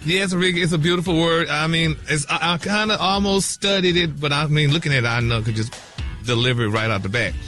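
Bright, sassy high-voiced man. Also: fairly even intonation, fairly quick, soft background music. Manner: sassy, calls people honey. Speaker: radio show regular. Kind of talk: comedic radio bit.

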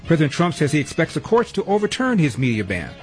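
A man's voice: a little high, huge pitch swings, fast, soft background music. A man hosting a talk radio show, running through headlines with wry, sarcastic asides.

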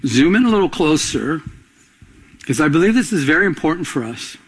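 A middle-aged man preaching a radio-broadcast sermon, asking the congregation to fill in words and telling quick stories. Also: on the high side, sing-song, slightly rough. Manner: call-and-response preaching, quick anecdotal storytelling. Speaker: pastor.

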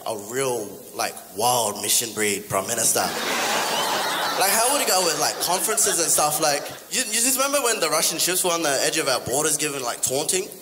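A man's voice: a little high, animated, brisk, background noise. A man from Queensland with an Australian accent, doing casual, rambling stand-up comedy. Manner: casual, rambling, with frequent fillers. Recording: echoey hall with background ambience.

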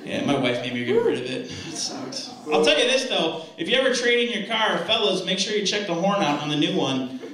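A man with a high voice tells stand-up jokes on a club stage. He sounds far from the mic, with a very echoey room, loud crowd laughter and heavy noise behind him. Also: big pitch swings, brisk. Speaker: stand-up comedian. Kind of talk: stand-up comedy set.

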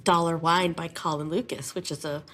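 A woman who teaches music, talking in an interview in a lively, emotional, chatty way. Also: low-pitched, normal speed. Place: classroom.

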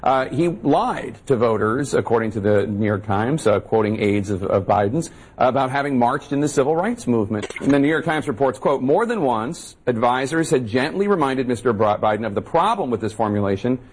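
Husky-voiced male news anchor. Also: mid-range voice, lively intonation, brisk, few pauses. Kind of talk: news commentary.

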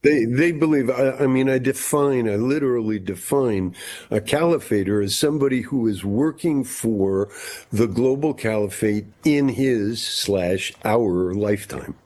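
A man of medium pitch with a darkish tone speaks at a measured pace as a historian guest in a conversational interview. He explains at length, often repeating words while he thinks.

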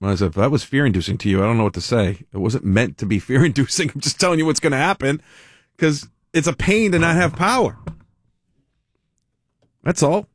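A man's voice: mid-range voice, brisk, no echo, clean studio sound. A man hosting a talk radio show in a casual, chatty monologue, laughing as he talks. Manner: chatty, animated, laughs often. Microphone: studio mic.

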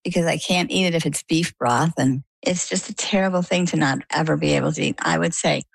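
An older woman with a low voice that has a gravelly edge. She is an interview guest telling her story in a chatty, lively way and acting out what people said to her. The sound is close and dry. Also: brisk, no echo. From coastal Maine. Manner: chatty, vivid retelling with quoted dialogue. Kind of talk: conversational storytelling.

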